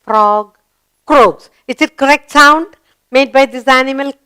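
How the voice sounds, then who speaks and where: A woman's voice: sits high, unhurried, sharp tone, no echo. A woman teaching a grammar lesson to young children, asking sing-song questions and praising answers.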